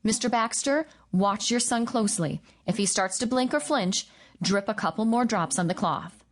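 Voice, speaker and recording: A woman reading the part of a calm woman doctor who gives steady orders in an audiobook. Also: medium pitch, normal speed, natural voice. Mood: commanding.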